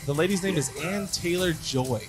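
A man co-hosting a podcast in casual chat, animated and opinionated, ranting. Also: on the high side, moderate pace, over music. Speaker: podcast co-host.

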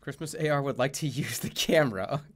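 A man streaming a video game, reacting loudly, swearing and laughing at what happens on screen. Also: mid-range voice, brisk, faint music behind. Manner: loud, exasperated, swearing and laughing. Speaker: streamer playing video games. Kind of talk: gaming commentary.

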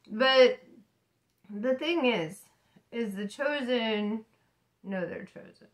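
A woman's voice: medium pitch, a bit bright, poor audio. A woman tarot reader talking casually to camera about spirituality, laughing often, swearing and speaking emphatically.

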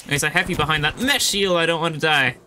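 A young man talks through a match as he plays, relaxed and explanatory. His voice is bright and a touch high, with a crisp edge. A faint hiss sits under the recording. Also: fast. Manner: casual, explanatory, thinking aloud while playing. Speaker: gaming YouTuber. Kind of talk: live gameplay commentary.

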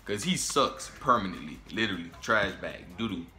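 A man hosting a reaction video, talking casually and trash-talking excitedly, often repeating himself. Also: sits low, normal speed. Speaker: YouTube reaction host.

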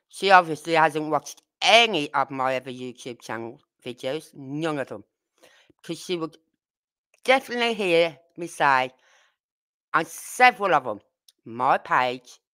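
A woman's voice: deep voice, very animated, measured pace, long pauses, fairly bright tone. A woman from Birmingham with a Brummie accent, hosting a true crime livestream and talking bluntly and indignantly straight to her viewers. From Birmingham, England. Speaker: true crime channel host. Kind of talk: casual livestream chat.

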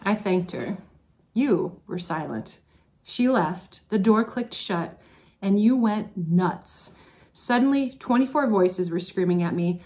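A woman's voice: mid-range voice, expressive, slow pace, warm tone. A woman teacher tells her graduating advisory class a story in a graduation speech. She is wry and pokes fun at herself as she goes. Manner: wry, self-mocking storytelling.

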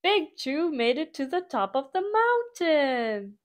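A woman reading a picture book aloud to children in an animated way, adding sound effects. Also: high voice, slow pace. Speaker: storybook reader.

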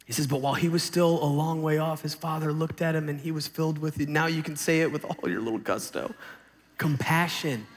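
A man in his thirties preaching to a youth camp in a conversational, animated way, raising his voice for emphasis. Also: fairly high pitch, quick pace, few pauses, long reverb tail.

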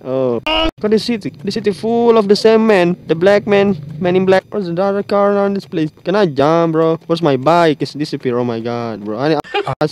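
A man giving casual, excitable commentary while playing a mobile game, exclaiming often and laughing at what happens. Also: high-pitched, a little fast. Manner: excitable, exclaims often, calls the viewer bro.

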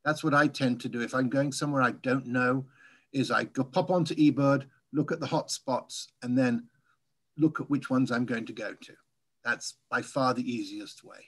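A man's voice: medium pitch, moderate pace, a bit bright, breathy edge. Chatty Englishman with a mid-Atlantic accent. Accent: English, softened by years in America. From England. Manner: chatty, anecdotal, laughs while telling stories. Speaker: guest speaker. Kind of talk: casual Q&A chat.

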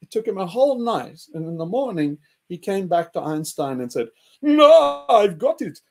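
A man hosting an animated group discussion, excitable and mocking, often laughing and jumping in pitch to act out quotes. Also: brisk. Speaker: host.

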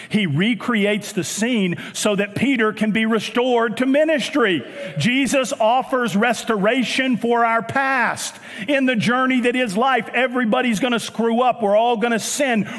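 A man with a Southern US accent preaching a sermon as pastor, animated, with joking asides and bursts of shouting. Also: high voice. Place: church auditorium. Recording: long church hall reverb.

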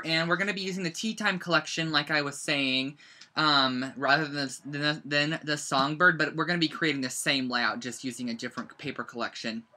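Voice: mid-range voice, bright, forceful tone. A teenager running a live-streamed scrapbooking demo from a bedroom at home, rambling and chatty with lots of "like". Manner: rambling and chatty, heavy use of "like". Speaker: scrapbooking instructor. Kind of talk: live-streamed craft demo, casual chat.

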